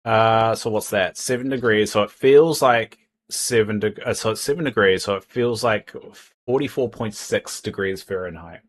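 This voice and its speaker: A man's voice: lowish voice, normal speed, hardly any pauses. A man chatting casually on a livestream from home, rambling and tripping over his words as he reads out donations. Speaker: streamer. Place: home, indoors.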